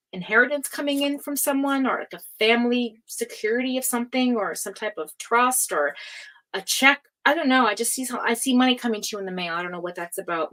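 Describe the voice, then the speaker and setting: A woman's voice: medium pitch, fairly bright tone, rough recording. A woman hosting a live tarot reading, talking in a chatty, meandering way and calling viewers affectionate pet names. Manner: chatty and affectionate, calls viewers cutie pie; meandering, full of fillers and restarts. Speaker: tarot reader hosting a livestream.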